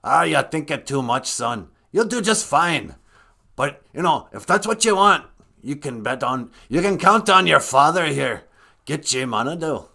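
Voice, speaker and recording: A man's voice: on the high side, lively intonation, measured pace, creaky, pushed and bright, heavily acted. A man voicing the Great Spirit as a laid-back, teasing father figure who calls him son.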